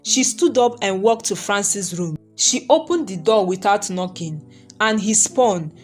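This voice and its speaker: Woman narrating a story over soft music. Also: medium pitch, expressive, a little slow. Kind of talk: scripted narration of a folktale.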